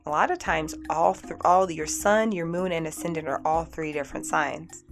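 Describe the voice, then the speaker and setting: A woman's voice: deep voice, fairly even intonation, normal speed, soft background music. A woman hosting a radio show, talking casually and upbeat with many "like"s and restarts. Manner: chatty, upbeat, full of "like" and restarts. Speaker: radio show host and energy healer. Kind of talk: casual talk radio monologue.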